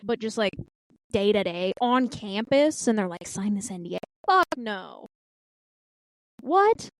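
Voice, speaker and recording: A woman's voice: mid-range voice, moderate pace. A woman in her twenties co-hosting a podcast, talking in a blunt, wry way with casual swearing. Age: 20s. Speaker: podcast co-host. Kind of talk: casual chat.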